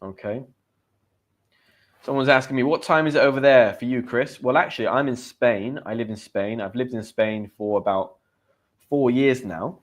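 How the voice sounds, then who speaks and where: A man's voice: mid-range voice, normal speed. An Englishman teaching English expressions in a chatty, upbeat live stream, repeating key words and reading viewers' comments. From England. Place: home in Spain.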